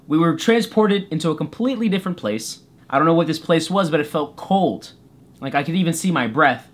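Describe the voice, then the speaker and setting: A young man with a somewhat high voice tells a comedic story to camera. He is goofy and self-deprecating. He slips into playful voices for the people in the tale. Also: expressive, a little fast. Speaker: YouTuber storyteller. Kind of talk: comedic story time vlog.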